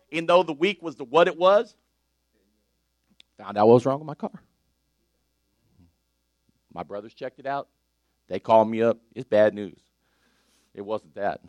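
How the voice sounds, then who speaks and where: An older man preaching a sermon, animated and exclaiming with laughter and praise. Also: mid-range voice, no echo.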